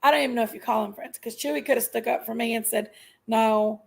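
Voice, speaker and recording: Middle-aged woman, high and gravelly, emphatic aggrieved live-stream rant. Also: fairly even intonation, racing, rough recording. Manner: aggrieved, emphatic venting, repeats herself. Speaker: livestream host.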